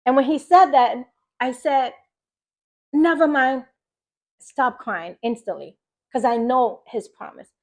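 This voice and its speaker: A woman from Philadelphia with a fairly high voice shares a personal faith testimony. She tells it in a lively, storytelling way, repeating phrases for emphasis and acting out the conversations she had. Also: a little slow. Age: adult mother. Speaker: faith vlogger.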